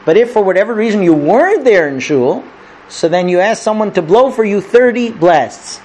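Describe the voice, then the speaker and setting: A man's voice: high-pitched, lively intonation, normal speed, darkish tone. A man, a rabbi, teaching a conversational lesson who keeps checking in with his listeners and acts out his stories. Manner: chatty, checks in with listeners by asking 'okay?' and 'right?'; tells stories and acts out the characters.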